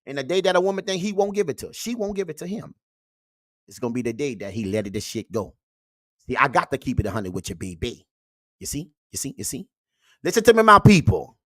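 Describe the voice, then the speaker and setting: A performer puts on a sermonizing uncle who lectures his audience like a preacher. His pitch leaps wildly from high squeals to low growls, and he leans on "baby" and "you see". The sound is close and completely dry. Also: big pitch swings, fast, a bit bright, dry recording. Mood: preachy. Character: preachy male uncle lecturing on red-pill views. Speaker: host. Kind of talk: comedic character monologue reacting to clips.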